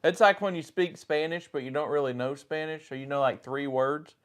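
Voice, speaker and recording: A man with a Southern US drawl chats on a live stream. He is relaxed and talkative, greets viewers by name and drifts into stories. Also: fairly high pitch, a little fast. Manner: chatty, greets viewers by name, tells anecdotes. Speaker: co-host of a paranormal livestream.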